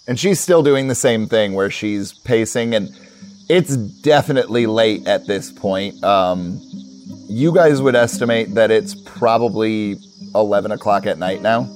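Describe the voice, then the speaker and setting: A man narrating a tabletop role-play game as game master, calm and firm. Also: on the low side, unhurried, slight background noise.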